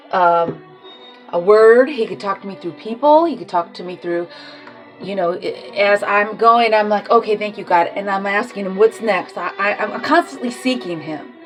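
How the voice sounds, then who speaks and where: A woman talking casually and with feeling about faith, swearing freely and laughing between thoughts. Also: mid-range voice. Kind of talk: casual spiritual monologue.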